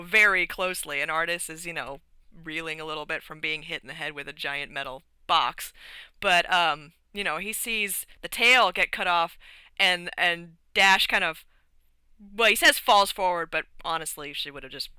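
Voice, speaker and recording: A woman's voice: on the low side, normal speed, pushed and bright, clean tone, no room sound, rough recording. A woman host casually retelling her tabletop game session in a rambly way, laughing as she goes. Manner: rambly, many fillers and restarts, laughs while telling. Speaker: podcast host.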